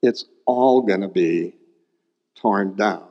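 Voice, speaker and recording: A man's voice: low voice, slow, vocal fry. A male pastor preaching a sermon, explaining a Bible passage and repeating key points for emphasis. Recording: dull recording with long hall reverb.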